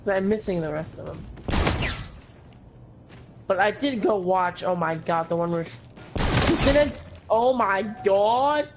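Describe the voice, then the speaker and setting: A woman's voice: mid-range voice, measured pace, long pauses, background noise. A tired woman chatting casually while playing an online game, swearing now and then. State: tired, yawning. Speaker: co-player on a gaming stream. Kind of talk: casual chat while gaming.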